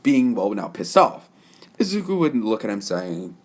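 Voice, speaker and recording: A man's voice: on the low side, very animated, normal speed. A young man narrating a fan story off the cuff, rambling with many fillers and self-corrections.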